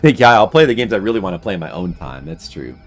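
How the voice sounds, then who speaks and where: Man, low voice, animated, goofy gaming commentary, dry sound, faint music. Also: quick pace. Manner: goofy, jokey, laughs often. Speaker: streamer playing a game. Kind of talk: casual joking commentary over gameplay.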